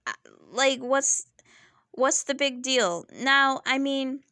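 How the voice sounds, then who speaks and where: Young woman doing a casual review vlog, kinda high voice, opinionated and over it, dry close sound. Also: bright, forceful tone, clear, resonant tone, no room sound. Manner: opinionated, exasperated, chatty with frequent fillers. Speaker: reality TV reviewer.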